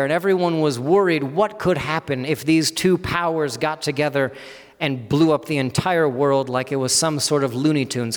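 A man in his thirties giving an earnest expository sermon, walking through a psalm section by section and acting out the quoted voices. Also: a little high. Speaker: preacher. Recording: long reverb of a large hall.

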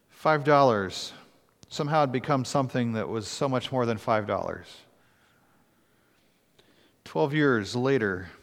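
A man, a pastor, preaching a sermon, reading scripture, then telling a story in an earnest, halting way with pauses and restarts. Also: mid-range voice, in a large hall.

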